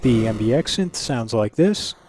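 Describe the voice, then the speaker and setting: A man's voice: medium pitch, expressive, unhurried, darkish tone, a little hiss or hum. Wry, analytical male reviewer. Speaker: retro computing channel host. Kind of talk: scripted review narration.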